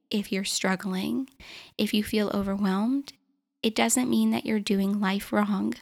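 Podcast host, woman in her twenties, earnest and encouraging, gravelly vocal fry, solo monologue. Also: medium pitch. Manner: earnest, encouraging, self-reflective.

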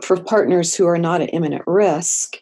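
A woman therapist speaking in a podcast interview, slow and deliberate with gentle emphasis. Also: fairly low pitch. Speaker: therapist and guest.

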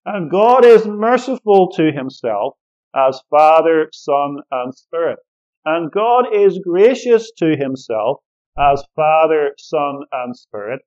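Slow, emphatic preaching man. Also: a little high, big pitch swings, a little mellow. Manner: measured, emphatic preaching with repeated phrases. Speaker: pastor. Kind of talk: sermon. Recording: dull lo-fi recording.

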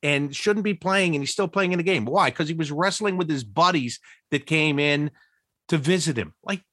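A man telling old team stories in an interview, laughing often and jumping high in pitch when he quotes people. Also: normal speed, no room sound, clean studio sound. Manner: animated, laughing storyteller with big pitch jumps when quoting. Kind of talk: storytelling interview.

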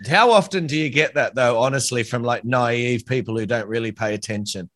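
An Australian man hosting a podcast, chatting casually and warmly with a guest, calling him mate and laughing easily. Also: mid-range voice, a little fast, no echo, clean studio sound. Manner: friendly, says "mate" often, laughs easily. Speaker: podcast host. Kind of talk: casual interview chat.

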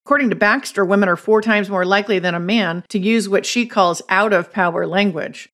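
A woman's voice: mid-range voice, a little fast, fairly bright tone. A woman hosting a podcast, giving a scripted, instructive narration. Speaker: podcast host.

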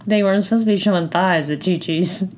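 A woman's voice: lowish voice, fast, darkish tone, a little hiss or hum. A woman co-hosting a podcast in casual chat, teasing her partner and laughing often. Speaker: podcast co-host.

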